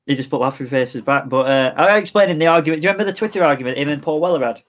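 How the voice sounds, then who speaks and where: A man chatting as co-host, with blunt, quick banter. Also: a little high, a bit bright. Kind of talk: casual chat.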